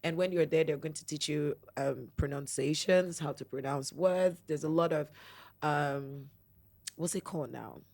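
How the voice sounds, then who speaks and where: A woman with a Nigerian accent, a radio host talking as a podcast guest in an animated way. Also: sits low, moderate pace, vocal fry. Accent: Nigerian English. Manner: animated, acts out radio announcer voices. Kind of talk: casual podcast chat.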